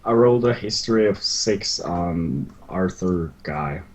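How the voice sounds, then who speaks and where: A man's voice: deep voice, lively intonation, measured pace, a little mellow. A man playing in a tabletop game, asking questions and joking casually. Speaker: player.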